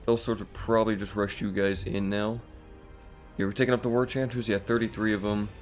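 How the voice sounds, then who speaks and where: Faint music plays behind a channel host as he comments loosely on a strategy game, fairly quick and laid-back with plenty of fillers; his morning voice is low and a little rough.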